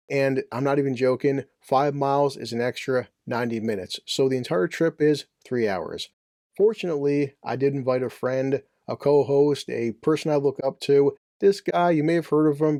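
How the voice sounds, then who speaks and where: A man's voice: medium pitch, warm tone, dry recording, clean studio sound. Brash joking man reviewing a movie. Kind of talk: casual comedic review.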